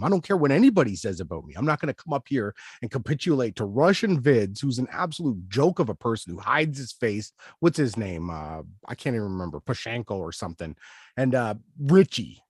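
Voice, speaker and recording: A man's voice: medium pitch, husky, no room sound, studio quality. A man hosting a commentary show, ranting indignantly and emphatically about a clip he has just played. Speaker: channel host.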